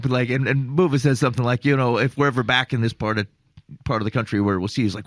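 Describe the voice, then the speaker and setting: A man's voice: mid-range voice, quick pace, dry recording. Man telling a rambling story. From Iowa. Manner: rambling, animated anecdote telling with laughs. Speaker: podcast host. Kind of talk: casual storytelling chat.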